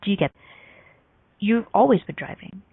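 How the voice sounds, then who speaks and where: A woman hosting a motivational radio talk show, telling stories with lively acted-out voices and frequent laughter. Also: mid-range voice, normal speed, husky, dry recording. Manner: animated storytelling, acts out quoted voices; laughs often between points. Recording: tinny phone-like line, dry.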